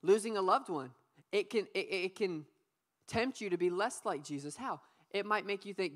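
A young adult woman giving a youth sermon, playful and lively, calling on the audience to repeat words back. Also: on the low side, moderate pace. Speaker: youth pastor. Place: church youth service.

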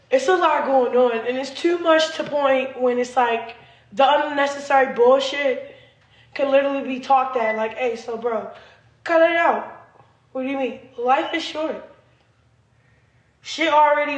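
A woman's voice: sits high, fairly bright tone, roomy sound, low-quality recording. A young woman in a rambling, agitated and profane livestream rant, recorded on a phone.

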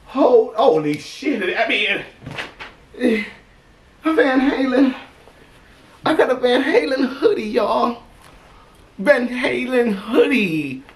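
A man's voice: extremely high pitch, animated, slow pace, pauses often. A man with an Ohio accent unboxing fan mail in a vlog, emotional and exclaiming, repeating himself. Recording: echoey room, distant mic, background noise.

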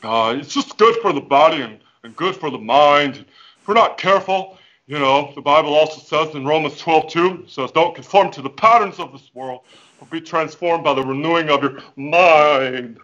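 A man's voice: fairly high pitch, normal speed, a bit bright, muffled recording, natural voice. A man playing a goofy, overconfident fitness coach who also preaches, with hammy, over-the-top motivational patter over a video call. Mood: preachy. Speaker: fitness guest. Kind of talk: comic character interview over video call. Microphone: headphones with mic.

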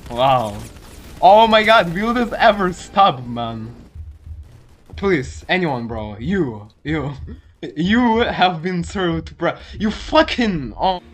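A man giving excitable, swear-filled commentary over his own gameplay, calling everyone "bro". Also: on the high side, slow pace. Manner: excitable, swears often, constantly says "bro". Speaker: gaming video creator.

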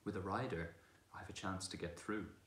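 A proud, brisk talking war horse, a stallion with a scornful, commanding manner, as a man reads him aloud from a storybook. The voice is very deep and low. It rings in an echoey room. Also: fairly even intonation, fairly bright tone. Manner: brisk, commanding, contemptuous at times.

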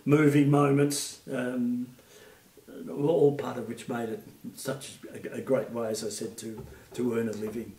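An Australian man in his eighties, a retired puppeteer, telling gentle stories in an interview with many fillers. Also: mid-range voice, little pitch movement, measured pace, distant mic. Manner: gentle anecdotal storytelling, frequent fillers. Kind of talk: reminiscing interview. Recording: echoey room, off-mic.

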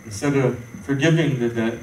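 A man's voice: medium pitch, normal speed, a little hiss or hum. A man preaching an informal sermon, rambling and conversational with many fillers and restarts. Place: church hall. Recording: echoey room, voice from far off.

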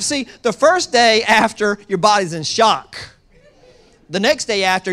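A pastor preaching a sermon in a lively way, moving from loud excitement to hushed low tones and acting out voices with humor. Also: measured pace. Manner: acts out quoted voices with humor.

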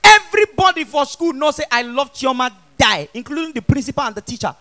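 A Nigerian stand-up comedian holds a mic on stage and jokes playfully, switching into pidgin. His voice is very high and bright and swings widely in pitch. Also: expressive, a little fast. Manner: playful, loud, mixing pidgin with English. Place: comedy stage before an audience.

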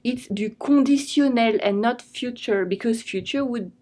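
A woman with a French accent and a fairly high voice gives a vocabulary lesson. She explains clearly and patiently. She repeats each word slowly, as if for students to repeat after her. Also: mellow. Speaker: French teacher.

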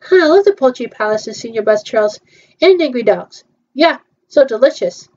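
A woman's voice: a little high, animated, normal speed, a little mellow, highs cut off. A woman chatting casually through a virtual theme-park tour, hesitant and playful, with frequent ums.

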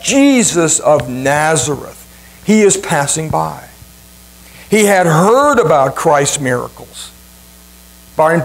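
Man preaching, emphatic, fairly high-pitched voice, repeats lines for drama. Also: rough recording. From Ohio, USA. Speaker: pastor. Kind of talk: sermon.

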